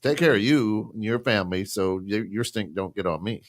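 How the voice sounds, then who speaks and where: A man's voice: fairly low pitch, a little fast, no room sound, studio quality. A middle-aged man co-hosting a casual talk show, blunt and profane, often tagging his lines with "right?". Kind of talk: casual banter.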